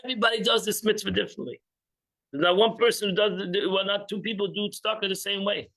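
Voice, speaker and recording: A man's voice: high-pitched, fairly even intonation, quick pace, a bit bright, low-quality recording. A man teaching an informal religious class, joking with listeners and acting out little scenes. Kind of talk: informal class with audience banter.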